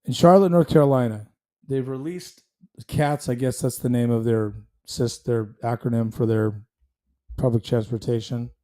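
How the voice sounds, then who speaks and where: A man's voice: mid-range voice, steady tone, moderate pace, warm tone. Heated, rambling male show host. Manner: heated, blunt, rambling with restarts. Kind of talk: casual commentary stream.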